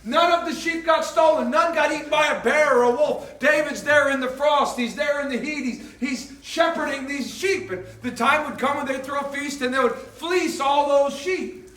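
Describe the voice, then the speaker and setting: A pastor preaching a sermon in a church hall, telling the story in an animated, emphatic way. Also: male voice, extremely high pitch, normal speed. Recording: echoey hall, mic at a distance.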